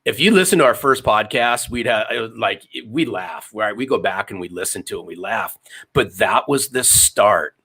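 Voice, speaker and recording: A sales author in his fifties speaks as an interview guest. His voice sits low yet sounds bright and forceful. He drives his points with emphatic repetition. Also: expressive, moderate pace, breathy edge. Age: 50s. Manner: emphatic, repeats phrases for effect. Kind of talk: storytelling interview answers.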